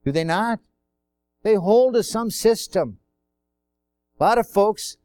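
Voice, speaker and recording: A man's voice: high voice, a little slow, pauses often, a little mellow, no room sound. A man preaching a sermon in a conversational way, asking rhetorical questions and acting out quotes.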